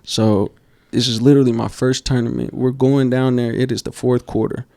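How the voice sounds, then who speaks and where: A man co-hosting a basketball podcast, telling coaching stories in a casual, animated way and acting out quotes. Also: mid-range voice, normal speed, creaky, no echo. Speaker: podcast co-host. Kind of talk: casual storytelling chat.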